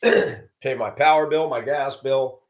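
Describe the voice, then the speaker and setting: A man's voice: mid-range voice, slow pace. Sarcastic ranting man. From American South. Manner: sarcastic, judgmental, emphatic repetition. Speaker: channel host. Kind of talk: ranting monologue.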